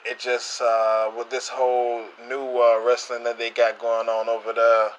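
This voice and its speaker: A man voicing a laid-back male veteran wrestling announcer on a phone call, rambling and halting. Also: mid-range voice, monotone, a little hiss or hum, close to an everyday voice.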